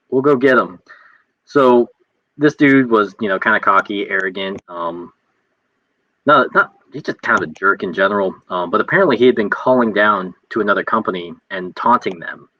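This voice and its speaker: A man who is a military veteran, telling a story in casual chat and acting out the shouted lines he quotes. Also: fairly low pitch, normal speed, no room sound. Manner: animated, acts out quoted shouts. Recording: dull lo-fi audio.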